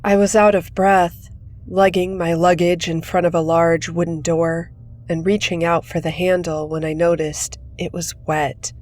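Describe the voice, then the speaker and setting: A woman reading a horror story aloud in measured, steady scripted narration. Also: fairly low pitch.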